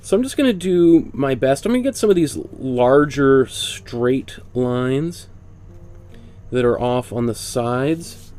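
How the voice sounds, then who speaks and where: A man's voice: mid-range voice, expressive, slow, darkish tone. Congested man teaching a painting class. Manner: chatty, explains step by step while working. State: congested with a cold. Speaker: art instructor. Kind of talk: casual painting demonstration.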